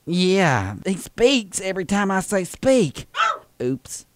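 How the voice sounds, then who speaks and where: A man's voice: high voice, sing-song, slow pace, no echo, full character voice. A man voicing a chatty older southern woman making a prank phone call, with a folksy Southern drawl. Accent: American Southern.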